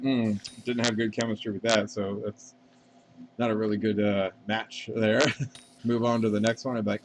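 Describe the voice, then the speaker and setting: Casual low-voiced man streaming games. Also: level tone, moderate pace, slight background noise. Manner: rambling, profane, answers chat questions. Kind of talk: casual live-stream chat while gaming.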